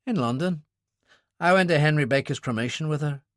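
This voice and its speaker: A man reading an audiobook, voicing a calm, watchful Irish man, a seasoned operative with a dry manner. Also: fairly high pitch, fairly quick, no echo, voice pushed up, close to an everyday voice.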